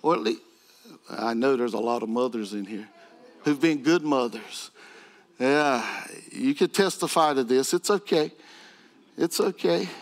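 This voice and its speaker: A man's voice: medium pitch, a little slow. A male pastor preaching a sermon with rhetorical questions and growing fervor.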